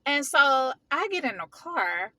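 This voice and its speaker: A woman telling a personal story in a casual vlog, venting heatedly in slangy, animated talk. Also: high voice, a little slow, dry recording. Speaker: vlogger.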